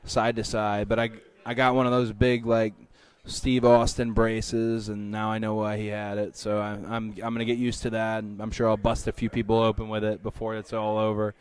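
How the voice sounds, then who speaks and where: A man, a professional wrestler, answering interview questions in a candid, relaxed and conversational way. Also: lowish voice, moderate pace, hardly any pauses, smooth.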